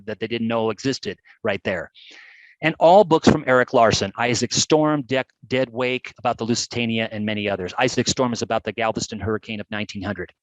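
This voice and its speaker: A man giving a lively live webcast presentation on geography, chatty and animated. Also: mid-range voice, no room sound, rough recording. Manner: animated, chatty, with playful put-on voices. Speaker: GIS educator presenting a webcast.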